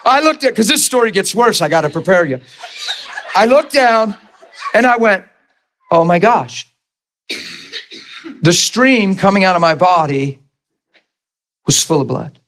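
A man's voice: high voice, moderate pace, pauses often. A middle-aged man preaching a sermon, telling a personal story and acting out the voices in it. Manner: animated storyteller, acts out voices, laughs.

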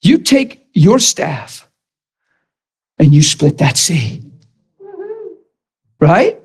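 Fervent high-voiced male preacher. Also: sing-song, drawn-out words. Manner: impassioned, rising to shouts when quoting himself. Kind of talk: sermon.

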